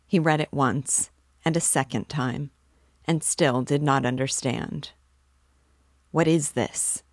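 A woman host reading a classic novel aloud in a measured, steady way. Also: a bass voice, dry recording, studio quality.

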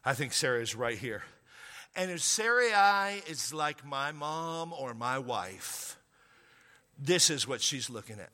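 A man preaching a sermon, telling the story in an animated, humorous way. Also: mid-range voice, takes it slowly. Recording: echoey hall.

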